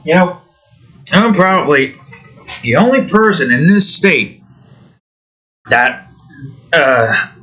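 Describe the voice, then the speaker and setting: A man's voice: fairly high pitch, sing-song, slow, long pauses, sharp tone, breathy edge. A man chatting casually as he builds his own game. He rambles, swears, talks to the pieces he edits and jokes in a put-on redneck drawl. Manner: jokingly puts on a redneck drawl. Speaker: hobby game developer.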